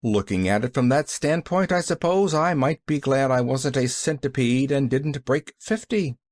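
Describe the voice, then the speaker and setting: A man's voice: mid-range voice, normal speed, darkish tone, no echo, studio quality, close to an everyday voice. A man voicing a cross, bedridden older man who answers curtly and grimly in an audiobook. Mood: gruff bitter. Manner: grumbling, curt and grim.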